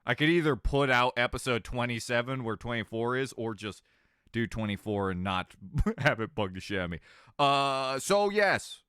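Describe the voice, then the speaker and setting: A man's voice: mid-range voice, expressive, normal speed, sharp tone, clear, resonant tone, dry recording, clean studio sound. A man with a slight Southern American twang chatting casually with viewers on a live stream, rambling and joking and laughing between sentences. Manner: rambling, jokey, often laughing mid-sentence.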